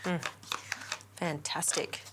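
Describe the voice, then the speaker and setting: A woman hosting a cooking show, chatting with her guest and responding with eager affirmations. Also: very noisy. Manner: enthusiastic, quick affirmations. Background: background music.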